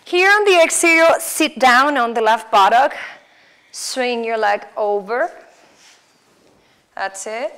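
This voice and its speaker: A woman with a Mexican Spanish accent, guiding a yoga class with calm, slow cues for breath and poses. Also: a little high, smooth. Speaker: yoga instructor. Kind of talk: guided yoga class instruction.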